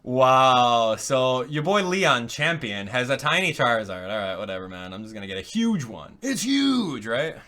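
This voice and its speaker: Male reaction host, very lively pitch, jokey and rambling, drops to mumbles between bursts of excitement. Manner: excitable, joking, laughs often, rambles with quick asides; drops to low mumbling while clicking around. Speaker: video game reaction host. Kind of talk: casual live reaction commentary.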